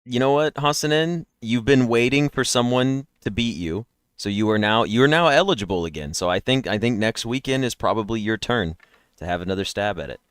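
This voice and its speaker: A man's voice: medium pitch, animated, a little fast, clear, resonant tone, no room sound, clean studio sound. A man streaming daily guessing games, chatting and rambling nonstop to his viewers through a headset mic while yawning. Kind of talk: casual live-stream chat.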